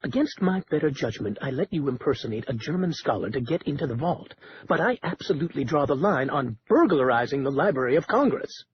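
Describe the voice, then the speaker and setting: A man voicing a nervous, fussy male librarian who protests in a high-strung way. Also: expressive, brisk, few pauses, natural voice. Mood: alarmed protest. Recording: dull lo-fi with faint hiss.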